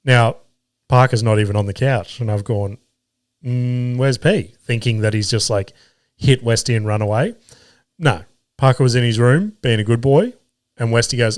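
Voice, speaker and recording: A man's voice: mid-range voice, moderate pace, dry recording. Aussie guy rambling on his podcast, swears a lot, laughs at his own stuff, dry close sound. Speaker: comedian and podcast host. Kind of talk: casual solo podcast storytelling.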